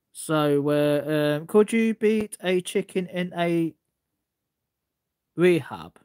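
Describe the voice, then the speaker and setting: A man ranting casually on a livestream, rambling and repeating himself with stumbling restarts as he answers chat comments. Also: on the high side.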